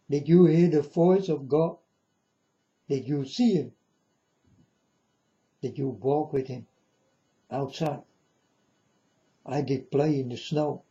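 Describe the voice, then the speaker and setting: Slow, dark-voiced man in a lo-fi monologue. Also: fairly high pitch. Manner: solemn, repetitive, keeps addressing "folks". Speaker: self-styled prophet. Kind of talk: rambling spoken monologue to viewers.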